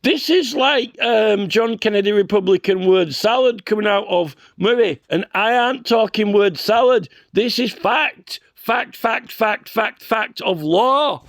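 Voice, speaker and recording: A man's voice: high-pitched, gravelly, a bit bright, dry recording. A man giving combative ranting commentary, repeatedly challenging the man he is arguing with and restarting his sentences. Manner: halting restarts and stammers. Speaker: reaction vlogger.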